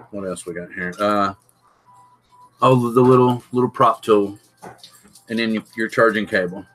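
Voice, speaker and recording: A man's voice: medium pitch, fairly bright tone, low-quality recording. A middle-aged man, hosting a live stream and thinking aloud as he unboxes, chatting with and greeting viewers. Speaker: drone channel host.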